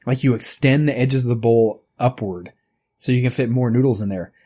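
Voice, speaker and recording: A man in his thirties co-hosts a podcast in casual chat, his mid-range voice dark in tone and a little fast. He rambles, swears freely, and laughs easily and often.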